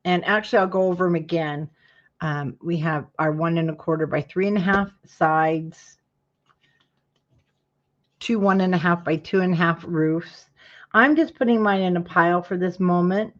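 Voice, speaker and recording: A woman's voice: lowish voice, moderate pace, lo-fi sound. A woman hosting a live craft tutorial, chatting to her viewers while she works and yawning now and then. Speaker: craft class host.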